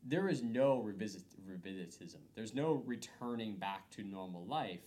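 A man's voice: fairly low pitch, animated, normal speed, dark tone. A man hosting a podcast, reflecting thoughtfully in casual conversation. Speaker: podcast host.

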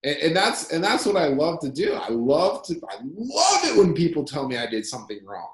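A young man, a company founder, talking as a guest in a casual interview, telling energetic stories and acting out dialogue. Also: on the high side, normal speed. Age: young adult. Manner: energetic storyteller, repeats phrases, acts out dialogue. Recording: roomy echo.

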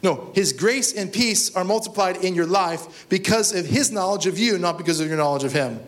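A male pastor preaches at a church service, his voice sitting notably high for a man. He keeps it conversational and animated, turning often to the congregation with direct questions. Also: moderate pace, hardly any pauses. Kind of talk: sermon.

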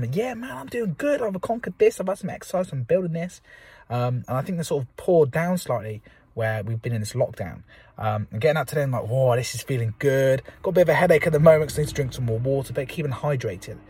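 A man's voice: medium pitch, expressive, fast talker, warm tone, slightly rough. A young man hosting his own podcast from inside a car, giving a rambling, upbeat pep talk with many fillers, a little out of breath after a game of football. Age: young adult. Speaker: podcast host. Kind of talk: casual solo podcast monologue.

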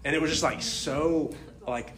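A young man telling a personal faith testimony in a casual, animated way, laughing often and filling his talk with "like". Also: a little high, normal speed. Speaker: speaker sharing a testimony.

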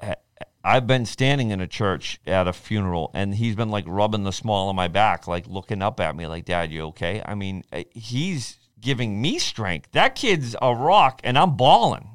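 A man's voice: fairly low pitch, moderate pace, clear, resonant tone, no echo, clean studio sound. A man in his forties chatting casually, acting out quoted speech as he tells his stories. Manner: animated storyteller, acts out quoted speech. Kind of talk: casual podcast chat.

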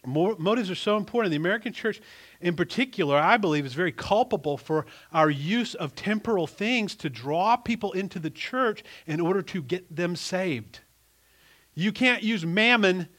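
A middle-aged male pastor preaching a sermon, emphatic and animated, often restarting his sentences. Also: high-pitched, normal speed.

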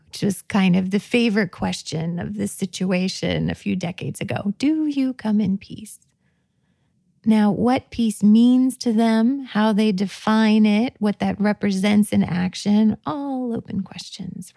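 A woman giving a guided reflective talk, speaking softly and playfully, often dropping to a whisper. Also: mid-range voice, creaky, no room sound, studio quality. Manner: soft, playful, often drops to a whisper and laughs.

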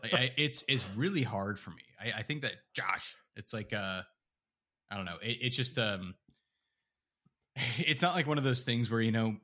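Male podcast co-host, low-ish bright voice, rambling and laughing. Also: lively intonation, moderate pace. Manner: rambling, laughs often, many fillers and restarts. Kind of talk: casual chat.

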